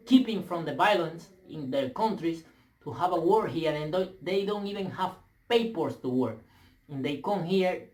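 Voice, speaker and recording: A young man with a Spanish accent rants straight into a camera mic, English clearly not his first language. He is profane and emphatic, stumbling into restarts as he pushes his point. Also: sits high, a little mellow. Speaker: vlogger. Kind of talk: heated rant to camera.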